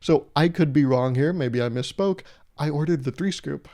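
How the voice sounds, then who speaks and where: A solo podcast host, fairly high-pitched and mellow, speaks at a moderate pace. His comedic monologue rambles through jokey analogies, punctuated by laughter at his own jokes.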